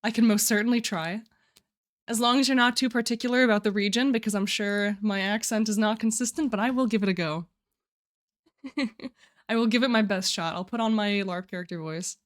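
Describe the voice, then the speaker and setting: A woman's voice: mid-range voice, brisk. A young woman streaming live, chatting casually and giggling often as she walks through her writing challenge. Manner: chatty, giggly, restarts phrases.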